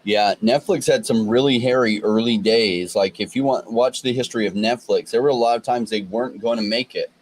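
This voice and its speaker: A man's voice: medium pitch, brisk, few pauses, husky, low-quality recording. A man hosting a casual crypto livestream, confident and lecturing, talking at length. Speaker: crypto show host.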